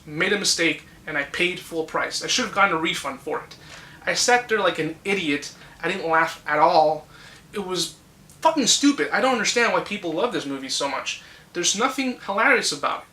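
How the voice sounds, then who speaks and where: A young man rants casually about films he dislikes, blunt and quick to swear. His voice is bright and forceful, and it bounces around an echoey room. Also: high-pitched, expressive. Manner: blunt, ranting, swears freely. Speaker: movie reviewer. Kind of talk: casual opinion vlog.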